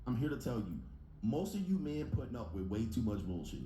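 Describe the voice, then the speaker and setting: A man's voice: medium pitch, sing-song, fairly quick, dark tone, soft background music. A man delivering a brash, profane relationship advice rant in a clip being played back. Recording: echoey clip replayed in a reaction.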